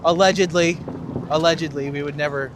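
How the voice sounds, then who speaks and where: A man's voice: a little high, brisk, background noise. A man hosting a walking tour livestream, chatting and joking casually as he walks city streets. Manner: joking, lively banter. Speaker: tour guide and streamer host.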